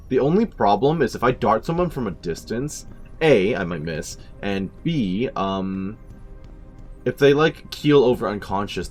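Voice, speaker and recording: A man giving casual let's-play commentary with chatty, wry asides. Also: deep voice. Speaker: gaming channel host. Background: game music.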